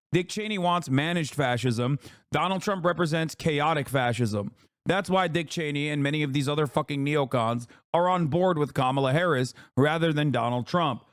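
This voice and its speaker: A man streaming live, reacting to political chat and news in heated, profane, sarcastic rants, with some quick read-alouds. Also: medium pitch, dry recording, studio quality. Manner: reads news aloud in a fast flat delivery.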